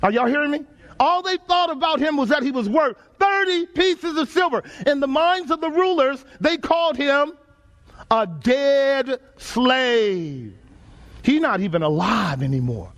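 A Texan man preaching to his congregation, his voice riding unusually high. He keeps checking in with the room and drawing answers back from the pews, folksy and emphatic throughout. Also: expressive, a little slow, fairly bright tone. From Texas. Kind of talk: sermon. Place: church sanctuary before a congregation.

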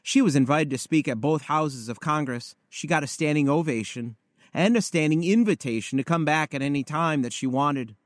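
A man preaching, telling a story in a measured, storytelling manner. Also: on the high side, no echo, clean studio sound. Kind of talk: sermon storytelling.

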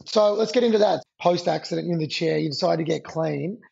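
A man's voice: on the high side, quick pace, vocal fry, darkish tone, slightly rough. A man co-hosting an interview, asking questions and joking with his guest. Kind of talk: casual interview. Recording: dull, lo-fi sound.

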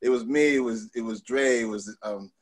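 A middle-aged man from Long Island, telling stories in a casual interview, animated, with many fillers and restarts. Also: mid-range voice, moderate pace. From Long Island, New York. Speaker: guest.

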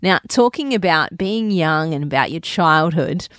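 A woman's voice: low-pitched, expressive, unhurried, a bit bright, dry recording. A young adult woman hosting a radio show, friendly and upbeat as she interviews a guest. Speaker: radio host. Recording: dry studio, faint music behind.

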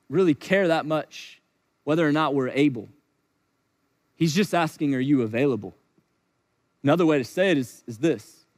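A high-voiced man preaches in a lively, animated way, slipping into the voices of the people he quotes. His sermon rings out with a long hall reverb. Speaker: pastor.

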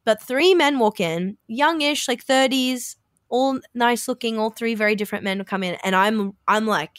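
A woman's voice: on the high side, normal speed, no echo, clean studio sound. A woman co-hosting a podcast, telling a story in a chatty way and acting out what people said. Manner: chatty, acts out quoted dialogue. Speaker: podcast co-host. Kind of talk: casual storytelling chat.

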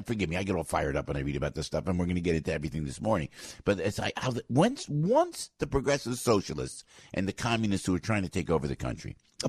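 An older man hosts a morning radio show, delivering a fired-up, animated monologue that rambles with many restarts and fillers. His low-pitched voice is slightly rough, recorded dry on a studio microphone with studio quality.

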